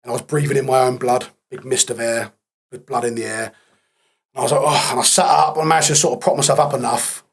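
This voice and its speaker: A man as a podcast guest, telling his story candidly in a blunt, matter-of-fact way with dark humour. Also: mid-range voice, fairly even intonation, fast talker, creaky, breathy edge.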